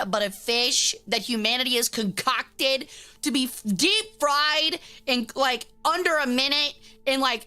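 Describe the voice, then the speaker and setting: A woman's voice: high voice, bright, forceful tone. A woman streamer chatting casually with her viewers, with playful, profane teasing banter.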